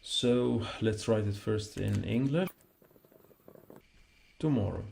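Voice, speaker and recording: Slow gravelly-voiced male teacher. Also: lowish voice, a little mellow, a little hiss or hum. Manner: repeats sounds patiently, spells them out while writing. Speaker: Arabic teacher. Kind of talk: slow spoken writing lesson.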